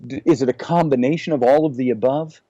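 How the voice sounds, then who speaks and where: Man, podcast guest, mellow tone, dry sound, musing, full of questions. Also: mid-range voice, fast talker, no echo, lo-fi sound. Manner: musing, poses many questions. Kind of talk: casual discussion.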